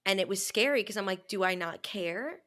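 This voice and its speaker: A woman's voice: mid-range voice, lively intonation, moderate pace, sharp tone. A young woman co-hosting a podcast, telling a personal story in casual, candid chat and swearing freely. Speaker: podcast co-host.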